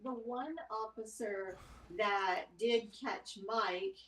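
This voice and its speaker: A woman's voice: mid-range voice, slow, a bit bright. A giggly woman chatting about a movie, acting out quoted lines as she retells scenes. She sounds distant from the mic, with noticeable room echo. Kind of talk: casual movie discussion.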